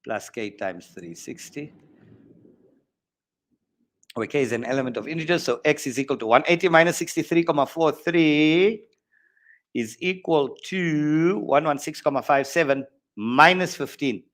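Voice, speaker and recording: A man's voice: on the high side, normal speed, a bit bright. A South African man teaching maths in an online exam workshop, joking and bantering between worked steps. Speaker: maths tutor. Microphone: online stream mic.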